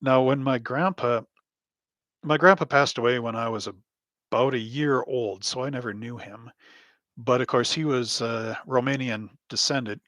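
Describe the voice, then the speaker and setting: A man's voice: mid-range voice, normal speed, fairly bright tone, dry recording. Rambling man, dry sound. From Canada. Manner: rambling, anecdotal, chuckles often. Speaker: host. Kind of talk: casual live stream chat. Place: home hobby room.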